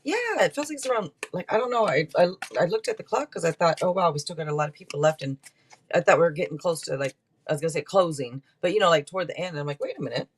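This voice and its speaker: A woman's voice: low voice, expressive, fast, breathy edge. Chatty woman reading tarot live. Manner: chatty and rambling, with many restarts. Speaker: tarot reader hosting a live stream.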